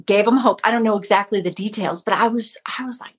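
She talks fast with hardly any pauses, in a medium-pitched, slightly rough voice. In her fifties, this Christian mom channel host gives her viewers a casual devotional talk, earnest, chatty, and often repeating herself.

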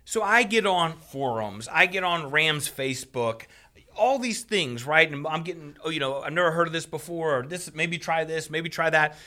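Bright-voiced man telling a story animatedly. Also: a little high, normal speed. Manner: animated, profane, laughing retelling of a frustrating story. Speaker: storyteller on a talk show. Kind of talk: casual chat.

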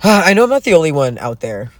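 A man from Canada telling a casual, profane story in an animated, self-mocking rant. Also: a little high, a little fast, dry recording. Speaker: vlogger. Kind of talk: casual ranting monologue.

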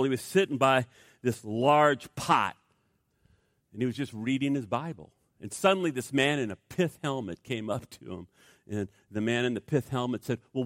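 A man's voice: medium pitch, a bit bright, no echo, clean studio sound. A male pastor preaching a sermon, telling stories animatedly with stammering restarts.

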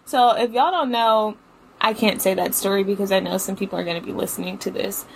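A woman's voice: mid-range voice, a little fast, vocal fry, a little hiss or hum. A young woman hosting a podcast, telling a story casually, swearing a lot and filling her talk with "like". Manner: chatty, profane, filler-heavy with lots of "like". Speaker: podcast host.

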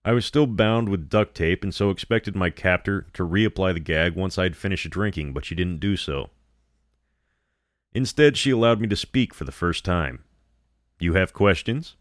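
A man with a very low voice tells a scripted horror story in a steady, measured way. The sound is dry and close, with no echo.

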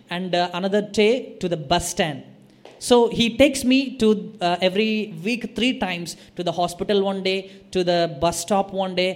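High-voiced man telling a testimony. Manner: hesitant, full of "uh" and "you know". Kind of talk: retelling a testimony story.

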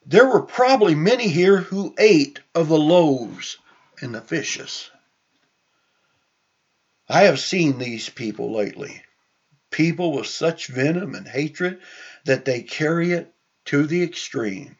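A man's voice: a little high, animated, slow pace, pauses often, breathy edge. A man preaching a sermon, reading scripture aloud and adding conversational asides with frequent restarts. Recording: dull lo-fi recording.

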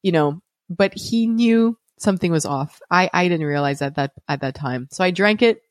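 A woman who hosts a podcast and is a parent tells a personal story candidly and conversationally, often restarting her sentences and laughing lightly. Her voice is fairly low and expressive, at a normal speed, with clean studio sound and no echo.

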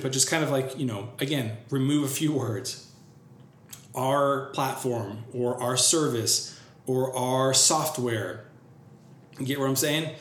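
A man giving casual marketing advice, blunt and profane, acting out the people he quotes. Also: mid-range voice. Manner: blunt, swears freely, acts out quoted people. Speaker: marketing coach. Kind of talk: casual podcast advice talk. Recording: roomy with faint background noise.

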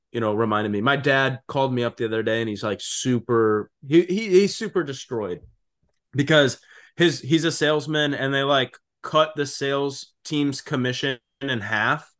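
A man's voice: mid-range voice, normal speed, fairly bright tone. A man in his twenties co-hosting a casual podcast, talking bluntly with lots of "like" and "dude" and free swearing. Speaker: podcast co-host.

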